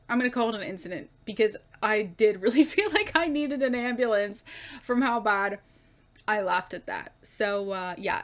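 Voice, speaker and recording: A woman talking through her craft video in a casual, rambling voice-over, full of fillers and casual swearing. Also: medium pitch. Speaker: craft video creator and streamer.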